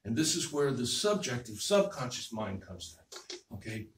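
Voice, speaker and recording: A male minister giving a sermon in a relaxed, conversational way, repeating phrases and checking in with the congregation. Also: mid-range voice, moderate pace. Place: church hall. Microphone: distant room mic. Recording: echoey hall, distant mic, faint noise.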